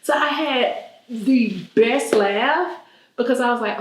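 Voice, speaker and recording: A lively woman in her thirties from Texas tells stories with lots of laughter in a fairly high voice. She is at home, and the room gives a roomy echo. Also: takes it slowly, slight background noise. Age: 30s. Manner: animated, laughing storytelling. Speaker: vlogger host. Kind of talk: casual storytelling chat. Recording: echoey room.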